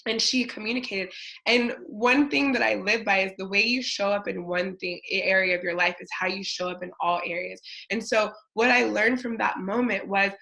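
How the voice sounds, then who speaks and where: Woman in her 30s giving a pep talk, gravelly and bright, rambly storyteller. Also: mid-range voice, poor audio. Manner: chatty, storytelling, many fillers. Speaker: motivational speaker. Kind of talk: casual motivational talk.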